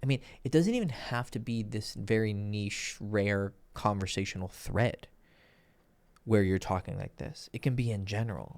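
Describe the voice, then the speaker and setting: A man's voice: on the low side, normal speed, creaky, a little mellow. A man giving crude, blunt dating advice in a casual, lecturing monologue, full of profanity. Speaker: dating coach.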